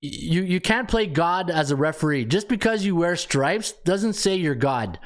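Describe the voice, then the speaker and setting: A man hosting a sports betting podcast in casual chat, rambling and excitable, ranting in bursts and laughing at his own lines. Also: fairly high pitch, measured pace. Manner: ranting, with many restarts.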